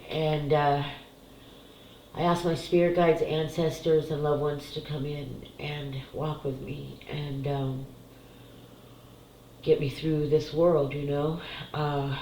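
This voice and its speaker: A woman's voice: deep voice, darkish tone, reverberant, a little hiss or hum, poor audio. Tearful, candid woman talking spiritually. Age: middle-aged. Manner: candid, emotional, swears freely. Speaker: psychic doing card readings. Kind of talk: casual spiritual talk to camera.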